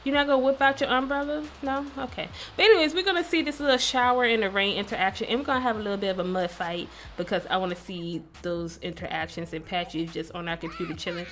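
A woman's voice: medium pitch, steady tone, quick pace, hardly any pauses, a bit bright, a little hiss or hum. A woman hosting a casual let's-play, chatting playfully and talking to the characters on screen. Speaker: gaming video host.

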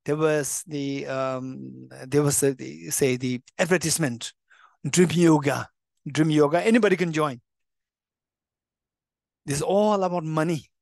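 A man's voice: on the high side, a little mellow, dry recording. Man, Buddhist teacher, emphatic, restarts words, English, dry close sound. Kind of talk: dharma teaching. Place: teaching center room.

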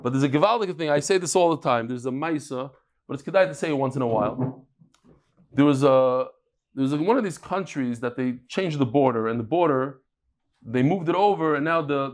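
A man teaching a daily Talmud class, telling stories with animated energy and mixing Hebrew and Yiddish terms into his English. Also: medium pitch, quick pace.

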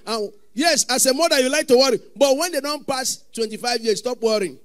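A man with a Nigerian accent preaching a sermon as pastor, often breaking into sudden shouts. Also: very high-pitched, expressive, a little fast, hardly any pauses.

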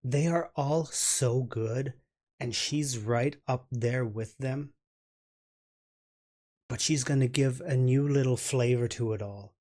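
A man hosting a reaction video, gushing and halting as he comments, often repeating his words. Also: mid-range voice, darkish tone.

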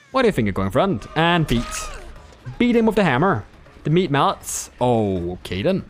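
A man's voice: mid-range voice, very animated, moderate pace. A man giving playful, joking commentary over his own gameplay, talking to the players he chases and laughing at his own lines. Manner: playful, joking, self-amused. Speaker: gameplay streamer. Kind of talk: live game commentary.

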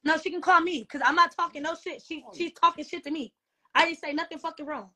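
High bright-voiced woman ranting on a livestream. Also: steady tone, fast. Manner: profane, repetitive, defensive. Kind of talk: heated livestream rant.

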